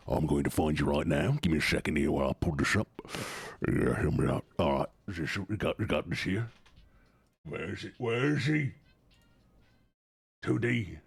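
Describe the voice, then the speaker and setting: A man's voice: lowish voice, lively intonation, normal speed, vocal fry, breathy edge, no room sound. A young man live-streaming, joking with his chat in a casual, profane way.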